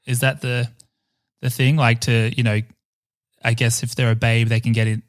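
A man's voice: mid-range voice, flat delivery, normal speed, no echo, studio quality. A man hosting a podcast, asking loose, rambling questions in casual chat. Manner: asks loose questions, laughs along. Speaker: podcast host.

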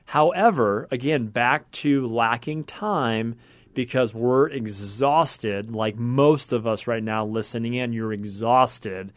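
An earnest man hosts a podcast conversation, working through his thoughts aloud in long, winding sentences. His voice sits at an everyday middle pitch. The sound is close and dry, with no room echo. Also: slow pace. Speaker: podcast host.

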